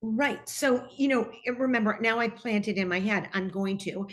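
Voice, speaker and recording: A woman's voice: on the high side, moderate pace. A middle-aged woman, a TV personality, telling her own story earnestly in an interview and speaking openly of her faith. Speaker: TV personality and guest.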